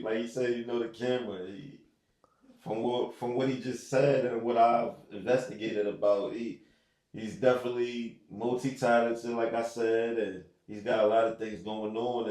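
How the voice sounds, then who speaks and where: A man's voice: fairly low pitch, darkish tone, roomy sound, distant mic. A man hosting a podcast in a casual interview chat, talking laid-back and slangy with lots of fillers. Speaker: podcast host.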